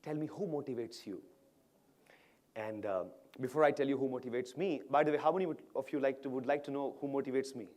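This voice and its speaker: A man's voice: mid-range voice, fast talker, hardly any pauses, darkish tone. A man giving a motivational keynote on stage, telling a story dramatically and pulling the audience in with questions. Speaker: motivational speaker. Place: stage at an awards event.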